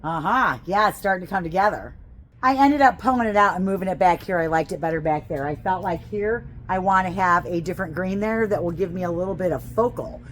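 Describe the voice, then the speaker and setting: A woman's voice: on the low side, brisk, a bit bright, a little hiss or hum, rough recording. A woman gardening instructor giving a chatty, enthusiastic how-to demonstration, gushing over her greens as she works. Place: outdoors on a porch.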